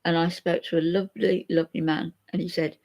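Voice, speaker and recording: Talking a little fast in a flat delivery, an older woman with a lowish, darkish voice rambles openly to her live viewers. She's a vlogger in an emotional live chat, reading their comments aloud.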